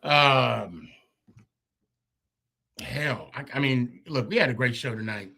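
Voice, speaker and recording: A man hosting a sports fan podcast, closing the show with loose, rambling thank-yous and shout-outs to listeners. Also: mid-range voice, takes it slowly, creaky, breathy edge. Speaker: podcast host. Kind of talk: casual sign-off chat.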